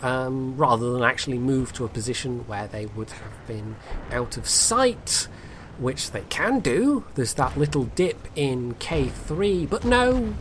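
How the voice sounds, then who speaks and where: A man's voice: medium pitch, a little hiss or hum. A man giving casual, rambling commentary on a game replay, full of fillers and dry asides.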